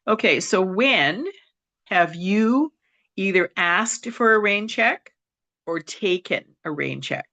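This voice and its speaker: A woman's voice: mid-range voice, animated, slow pace, sharp tone. A woman with a Western Canadian accent teaching English idioms on a video call, patiently restating each point and checking in with "okay". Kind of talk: online class teaching.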